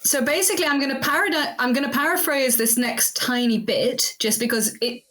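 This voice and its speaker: A woman's voice: high-pitched, fairly quick, a bit bright, slight background noise. A woman co-hosting a podcast, chatting casually and reading a story aloud in a playful way. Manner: playful, laughs between readings. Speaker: podcast co-host.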